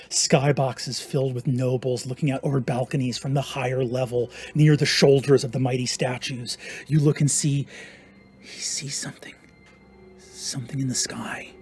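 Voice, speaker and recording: A man narrating a tabletop game as game master, dramatic and sometimes dropping to a hush. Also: medium pitch. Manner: dramatic, shifts to hushed whispers.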